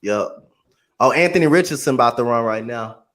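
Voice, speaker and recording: A man's voice: mid-range voice, lively intonation, fairly bright tone. Eager man calling the action. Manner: quick, eager play-by-play calls in slang. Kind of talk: casual sports chat.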